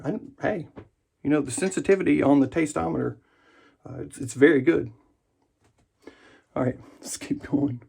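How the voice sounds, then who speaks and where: A man's voice: a little high, moderate pace, vocal fry, long pauses, a little mellow, slightly rough. A man hosting a wet shaving vlog from his home bathroom, rambling and joking at his own expense while he shaves. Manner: joking, rambling, self-deprecating. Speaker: wet shaving channel host.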